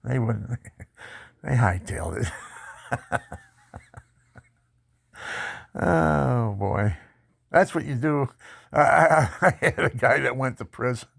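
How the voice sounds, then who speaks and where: A man telling his life story in a personal testimony, animated and boastful, laughing often. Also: mid-range voice, slow pace, gravelly, pauses often, no echo, studio quality.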